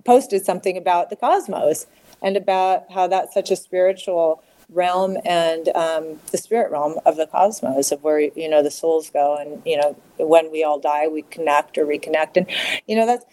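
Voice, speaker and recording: A middle-aged woman speaking candidly as an interview guest, halting and repeating words as she talks. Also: sits low, warm tone, low-quality recording. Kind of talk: emotional personal interview.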